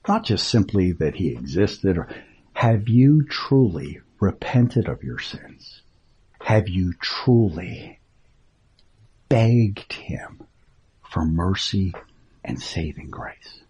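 Breathy slow-speaking preacher man. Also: low voice, big pitch swings, highs cut off. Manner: emphatic, drops to hushed whispers on key words. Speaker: pastor. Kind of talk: preaching radio talk.

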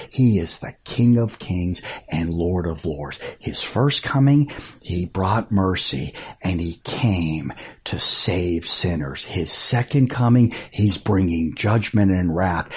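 Breathy slow-speaking preacher man. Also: low-pitched. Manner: emphatic, drops to hushed whispers on key words. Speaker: pastor. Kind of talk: preaching radio talk.

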